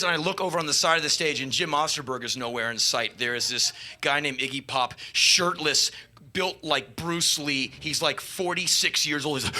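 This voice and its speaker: A man telling a live spoken-word story on stage into a stage microphone, animated and swearing, jumping to shouts at the peaks. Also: a little high, moderate pace, slight background noise.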